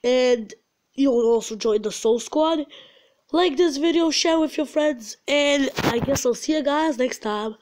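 A woman's voice: sits high, measured pace, a little mellow. A young woman hosting a gaming channel, ranting in frustration during casual game commentary.

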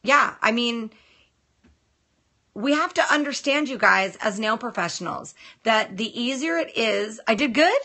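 Woman, nail tech livestream host, casual chat, blunt, exasperated, forceful bright tone. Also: fairly high pitch, lively intonation, unhurried. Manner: blunt and exasperated, addresses viewers and comments directly. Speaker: nail technician hosting a live broadcast. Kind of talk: casual live-stream chat.

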